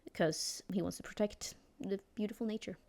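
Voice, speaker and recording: A woman's voice: medium pitch, fairly even intonation, brisk, gravelly, darkish tone. A woman narrating as game master in a chatty, laughing way.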